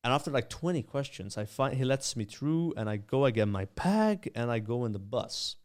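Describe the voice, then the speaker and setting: A young man from Malta, a podcast guest telling rambling, animated anecdotes full of fillers. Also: medium pitch, moderate pace. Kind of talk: casual storytelling.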